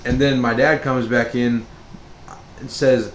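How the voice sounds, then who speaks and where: Male vlogger, mid-range voice, slow and rambling storyteller, roomy echo. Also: medium pitch, level tone. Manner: rambling, with many fillers and restarts. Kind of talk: storytime monologue. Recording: roomy echo with faint background noise.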